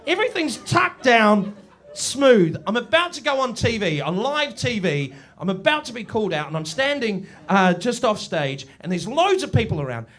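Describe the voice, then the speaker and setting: Animated man doing stand-up. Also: moderate pace. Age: 40s. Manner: animated, swings between booming and hushed storytelling. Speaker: stand-up comedian. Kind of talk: stand-up comedy set. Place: village pub before a live audience.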